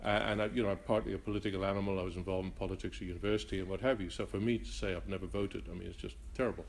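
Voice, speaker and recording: An older man from Northern Ireland with a blended Northern Irish and Rhodesian accent, answering interview questions in a reflective, halting way with frequent restarts. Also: sits low, steady tone, vocal fry, slight background noise. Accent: mixed Northern Irish and Rhodesian. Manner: halting, many restarts and fillers.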